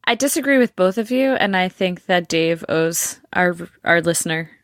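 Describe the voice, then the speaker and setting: A woman's voice: lowish voice, expressive, normal speed, no echo. A woman co-hosting a casual podcast with dry, sarcastic quips. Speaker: podcast co-host.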